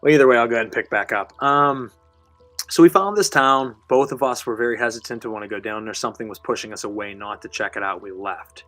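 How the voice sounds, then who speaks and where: A man's voice: mid-range voice, fast talker, fairly bright tone, dry recording, faint music behind. A man hosting a live show, telling a story in a casual, rambling, conversational way with casual swearing. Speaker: host.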